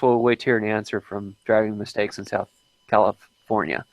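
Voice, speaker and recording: A man's voice: lowish voice, level tone, moderate pace, dry recording, low-quality recording. A man hosting an unplanned live stream, chatting casually and often stopping to restart his sentences.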